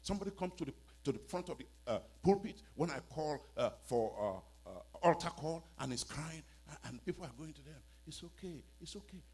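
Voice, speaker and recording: A man with a West African accent preaching a sermon in a church, dramatic and mocking, dropping to a hush and then shouting. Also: a little high, lively intonation, a little fast, few pauses, husky.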